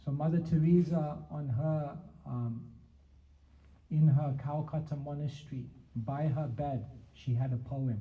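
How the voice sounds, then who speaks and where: A man, a spiritual teacher, answering questions in a measured talk with repeated emphatic phrasing. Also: fairly high pitch, fairly even intonation. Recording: dull lo-fi sound.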